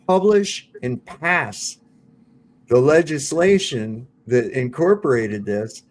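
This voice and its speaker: A man ranting sarcastically on a panel in casual chat, swearing freely. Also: a little high.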